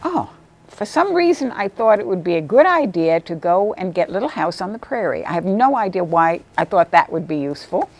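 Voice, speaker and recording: A woman, a volunteer literacy tutor, telling stories about her students in a lively interview, sometimes acting out what they said. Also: brisk. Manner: animated, acts out quotes in a higher voice. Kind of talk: storytelling interview.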